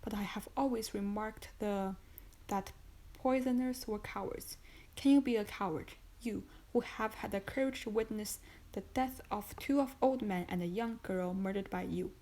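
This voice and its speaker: A relentless, contemptuous male magistrate, calm and icy as he presses his accusations, read by a woman in an audiobook. His delivery stays level and measured while it cuts. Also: mid-range voice, close to an everyday voice, poor audio. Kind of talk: audiobook reading.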